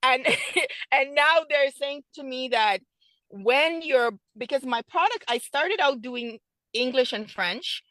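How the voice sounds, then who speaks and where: A middle-aged woman talks as a guest in an interview, telling her business story with lively excitement and acting out each exchange. Her voice sits a little high. The sound is dry, with no room around it. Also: slow pace, no room sound. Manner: animated, excitable storyteller who acts out conversations. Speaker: guest, food business owner.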